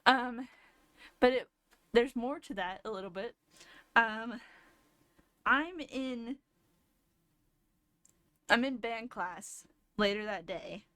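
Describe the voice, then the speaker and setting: A woman's voice: fairly high pitch, takes it slowly, pauses often, bright, forceful tone, dry recording. Young woman streamer telling a story. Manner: rambling, breaks into laughter. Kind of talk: casual storytelling chat.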